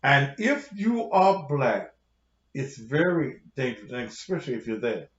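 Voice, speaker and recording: A man's voice: mid-range voice, very animated, a little slow. A man who is a pastor, delivering a heated, confrontational rant full of cursing to his online audience. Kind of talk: profane livestream rant. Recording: roomy, dull lo-fi sound.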